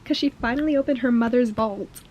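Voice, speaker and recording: A young woman chatting casually in a reading vlog, excitable, gasping and swearing as she reacts. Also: a little high, brisk, a little hiss or hum. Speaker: book vlogger.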